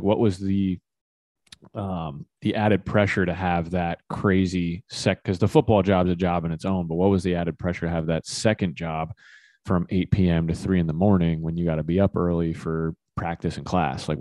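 Deep-voiced male podcast host. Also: mellow, dry recording. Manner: asks long, winding questions. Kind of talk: casual interview chat.

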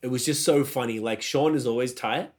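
A man co-hosting a podcast, chatting casually with loose, profane and animated storytelling. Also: mid-range voice, brisk. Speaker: podcast co-host. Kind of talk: casual chat.

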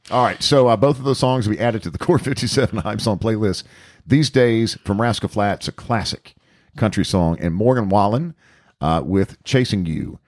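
Deep-voiced chatty male podcast host. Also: a little mellow, no room sound, studio quality. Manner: chatty storyteller, laughs often. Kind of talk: casual chat.

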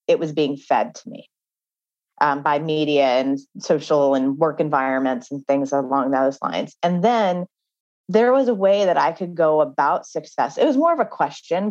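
A woman's voice: sits low, a little mellow, no room sound, dull audio. A woman author, a guest in an interview, telling her story earnestly with many "like" fillers. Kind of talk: interview conversation.

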